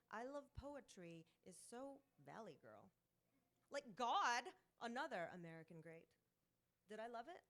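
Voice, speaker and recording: A woman reads her own poetry aloud at an open mic in a bookstore, with an expressive, rhythmic delivery. She dwells on repeated words and lets them build. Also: medium pitch. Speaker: poet performing at an open mic. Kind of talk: live poetry reading.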